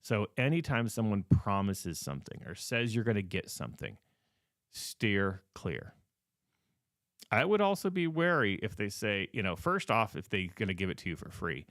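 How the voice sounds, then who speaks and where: A man's voice: lowish voice, big pitch swings, normal speed, fairly bright tone, no echo, studio quality. A man hosting a podcast who is losing his voice, giving casual advice with emphatic, repetitive warnings and many fillers. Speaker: podcast host.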